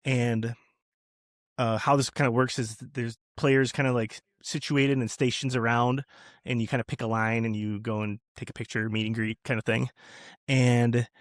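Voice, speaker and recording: A man's voice: medium pitch, level tone, normal speed, dry recording, studio quality. A man on a podcast as a guest, telling a long story in casual chat with lots of restarts and fillers.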